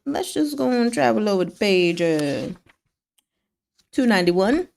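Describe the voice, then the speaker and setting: A woman casually recapping novel chapters for her book club, animated and laughing, acting out the characters' lines. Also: medium pitch, measured pace, gravelly, long pauses.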